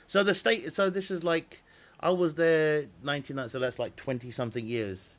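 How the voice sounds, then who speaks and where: A man's voice: a little high, steady tone, a little fast. A man chatting casually with viewers on a live stream, rambling, swearing freely and laughing often.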